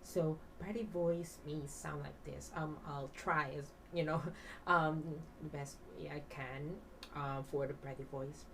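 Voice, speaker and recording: Female teacher, low-pitched, patient classroom explainer with fillers; faint background noise. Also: fairly even intonation, unhurried, fairly bright tone, recorded from a distance, low-quality recording. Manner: explains with many fillers, has class repeat words; breathy half-whisper when demonstrating. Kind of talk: demo teaching lesson.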